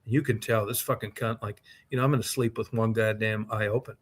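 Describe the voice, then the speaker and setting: A man's voice: on the low side, level tone, brisk. A man co-hosting a podcast, telling a long, profane anecdote in casual, rambling chat. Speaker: podcast co-host. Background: co-host's short reactions.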